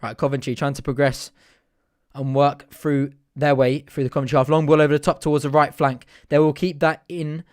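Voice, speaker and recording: A young man calls a match live for fellow fans, chatty and partisan, breaking into excited shouting when chances come. His voice sits a little high, and it sounds dry and close with almost no room around it. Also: brisk, no echo. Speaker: fan watch-along host. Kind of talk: live fan commentary.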